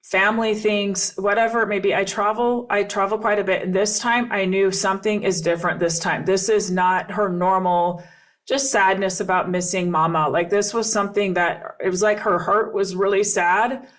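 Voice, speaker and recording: A middle-aged woman speaks at an ordinary mid-range pitch as she hosts a personal podcast. She tells her story earnestly and reflectively, and she often repeats a phrase to stress it. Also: fairly even intonation, moderate pace. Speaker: podcast host and coach.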